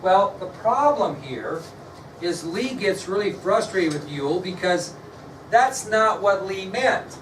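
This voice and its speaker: A male history teacher lecturing a class, quizzing students and spelling words out slowly. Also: sits high, lively intonation, a little hiss or hum. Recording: echoey classroom, mic far off, faint ambience.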